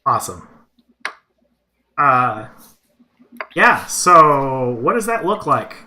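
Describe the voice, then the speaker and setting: A man with a bright, forward voice runs a tabletop game for friends over a voice call. He talks in a loose, easygoing way, hypes up good rolls and keeps the table moving. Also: medium pitch, slight background noise. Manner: relaxed, casual, quick to cheer players on. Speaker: game master.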